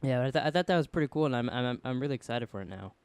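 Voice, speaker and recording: A man's voice: mid-range voice, lively intonation, clean tone, no room sound. A man co-hosting a podcast in casual chat, rambling and swearing with many restarts. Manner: fast rambling, profane banter with restarts. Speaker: podcast co-host.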